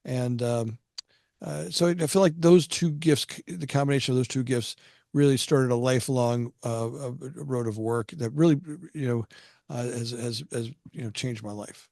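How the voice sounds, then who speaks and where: A middle-aged man talks through his past in a loose, rambling storytelling style. He stumbles over and repeats words, slipping into other people's voices when he quotes them. His voice sits at an ordinary pitch, and the sound is dry and close. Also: normal speed, gravelly, dark tone, no echo. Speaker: podcast guest. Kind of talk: casual storytelling.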